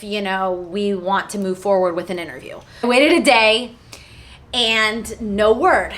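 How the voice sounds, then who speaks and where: A young woman vlogger telling a personal story to camera in a casual, excitable way, acting out what others said. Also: medium pitch, measured pace. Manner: excitable, animated retelling with quoted voices.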